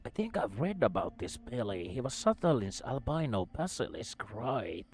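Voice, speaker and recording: A man's voice: medium pitch, sing-song, moderate pace, a little mellow. A man streaming a video game, chatting casually, swearing now and then and reading the on-screen text aloud.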